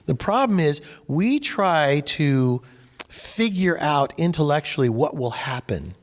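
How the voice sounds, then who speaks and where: A man's voice: fairly high pitch, slow, long reverb tail. A man from California tells a personal story while leading a faith discussion group, acting out the people in it. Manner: animated, acts out quoted people.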